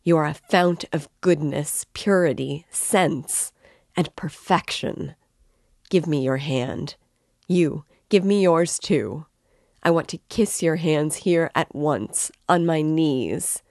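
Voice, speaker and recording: A woman reading the part of an excitable, tipsy young man who rambles and declaims with passion. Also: sits low, slow, vocal fry, no echo, studio quality, heavily acted. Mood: impassioned. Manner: impassioned, rambling, emphatic.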